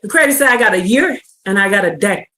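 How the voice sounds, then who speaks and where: Fervent woman preacher, lively pitch. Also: fast talker. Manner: fervent, rising to shouted exhortation. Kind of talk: livestreamed sermon.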